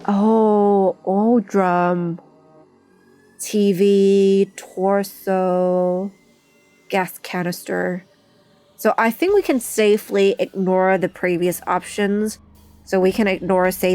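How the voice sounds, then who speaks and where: Unhurried woman narrating a game playthrough. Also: medium pitch, a little mellow. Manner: thinking aloud, unhurried and chatty. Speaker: let's play streamer. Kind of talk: casual game playthrough commentary.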